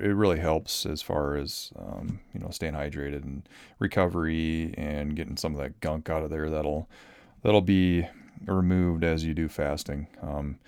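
Podcast host, male, thirties, from Minnesota: deep smooth voice, dry close sound, loose rambling delivery full of ums. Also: darkish tone, no room sound. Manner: rambling, lots of ums and restarts. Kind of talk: casual solo podcast talk.

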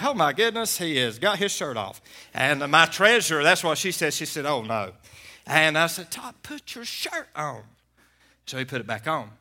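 A man, a pastor preaching a sermon and telling a story in a folksy way, swinging from loud preaching to hushed talk. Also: on the high side.

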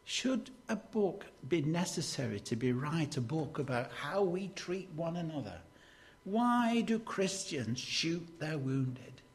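A man preaching a sermon. He works as a hospital chaplain and preaches slowly and deliberately, with sudden emphatic rises. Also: a little high, animated.

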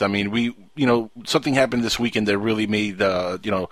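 A man's voice: lowish voice, brisk, no room sound. A man hosting a live talk radio show, speaking casually with many fillers and restarts.

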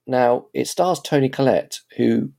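A man's voice: medium pitch, a little slow, creaky, dark tone. A man in casual chat, reviewing TV series in a rambling, chatty way with frequent restarts.

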